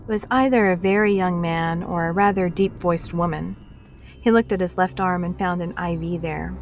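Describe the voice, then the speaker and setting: A woman reading short fiction aloud in steady, measured narration. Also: lowish voice. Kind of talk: storybook reading. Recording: dull lo-fi with faint music.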